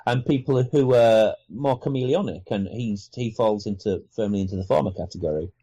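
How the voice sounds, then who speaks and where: Man, Yorkshire accent, podcast guest, dark mellow tone, slightly husky, casual chat. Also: fairly low pitch, a little fast.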